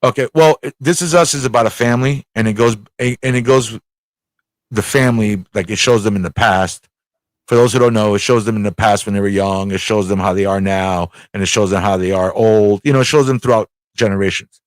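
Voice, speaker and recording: A man's voice: fairly low pitch, steady tone, brisk, no room sound. A man hosting a casual live talk show, rambling, swearing freely and repeating himself as he tells a story. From United States. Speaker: show host.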